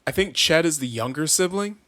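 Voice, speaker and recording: A man's voice: fairly high pitch, expressive, a little fast, fairly bright tone, no room sound. A man co-hosting a podcast in casual chat, laid-back and speculative, swearing now and then. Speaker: podcast co-host.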